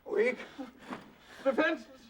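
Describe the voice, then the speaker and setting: An actor playing a flustered, exasperated bank manager who keeps over-explaining and grows more frantic. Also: male voice, slow, a bit bright, slight background noise. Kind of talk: film acting.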